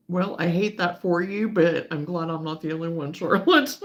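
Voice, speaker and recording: A woman hosting a casual crochet livestream, chatting with viewers in an exasperated but easygoing way. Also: fairly low pitch.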